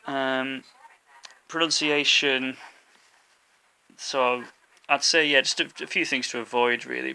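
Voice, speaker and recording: Guy from england doing a chatty language lesson, gravelly bright voice, lots of ums and restarts. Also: mid-range voice, slight background noise, low-quality recording. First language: English. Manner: informal, many ums and restarts. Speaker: language teacher. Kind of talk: casual explanatory lesson.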